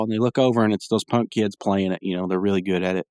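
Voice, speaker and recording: A podcast host recaps a cartoon episode in casual, rambling, digressive talk full of fillers and opinionated asides. His fairly low, darkish voice is smooth and fast, with even intonation and few pauses, in studio quality with no echo.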